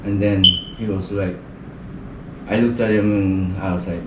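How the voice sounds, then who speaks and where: A man's voice: sits low, level tone, measured pace, very noisy. A man from the Northern Mariana Islands telling a story in casual podcast chat, rambling and leaning heavily on "like" as a filler. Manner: rambling, heavy use of "like" as filler. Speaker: podcast guest. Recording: roomy sound from a distant mic.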